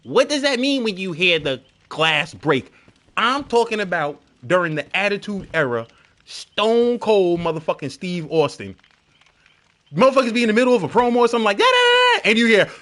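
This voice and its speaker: Loud, lively, profane man streaming. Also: sits high, normal speed, pauses often. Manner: profane, animated storytelling with shouted crowd imitations. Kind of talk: casual stream commentary.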